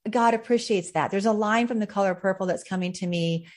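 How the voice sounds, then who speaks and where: Female podcast host, mid-pitch voice, reflective conversational delivery, faith interview. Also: fairly quick. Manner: warm-hearted, reflective, with frequent fillers.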